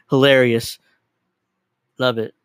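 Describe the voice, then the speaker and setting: A man's voice: mid-range voice, flat delivery, slow, clean tone, no room sound. A man hosting his livestream, giving casual, profane, sarcastic commentary on a clip and laughing often. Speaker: livestream host.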